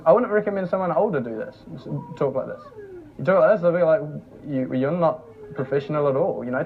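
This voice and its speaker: A young man giving a casual, joking workshop talk to a room, on a dull lo-fi recording. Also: on the high side. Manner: chatty, joking, laughs often. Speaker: workshop presenter.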